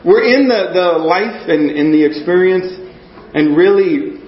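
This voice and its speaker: A man's voice: high-pitched, lively intonation, unhurried. A man giving a conversational sermon, earnest and often checking in with his listeners. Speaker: preacher. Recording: echoey muffled room recording.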